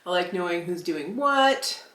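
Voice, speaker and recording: Woman, 50s, beauty vlogger, casual makeup review, candid, thinking aloud, lowish voice, echoey room. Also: expressive, unhurried, fairly bright tone. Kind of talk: casual product review while applying makeup. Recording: roomy echo.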